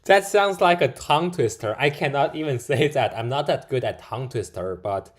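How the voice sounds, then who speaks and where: A man's voice: mid-range voice, lively intonation, normal speed. A man giving casual reaction commentary on a video he watches at his computer, chatting along with frequent filler words. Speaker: YouTube reaction host.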